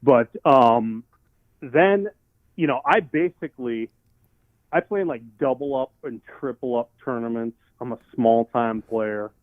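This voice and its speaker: A man's voice: medium pitch, unhurried, no echo. A man co-hosting a podcast, chatting casually and animatedly, restarting often and swearing casually. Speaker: podcast co-host. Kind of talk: casual chat. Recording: dry tinny phone-like audio.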